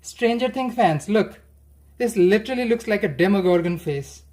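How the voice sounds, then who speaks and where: A woman's voice: mid-range voice, expressive, normal speed, a little mellow. A woman hosting a cooking livestream, chatting playfully and chanting silly sing-song phrases as she cooks.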